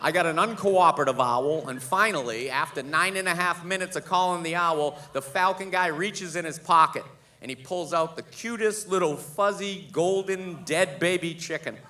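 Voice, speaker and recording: A man performing a stand-up set on a theater stage, telling a story and doing loud, high impressions of the people in it. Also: moderate pace. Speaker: stand-up comedian. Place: theater stage with live audience.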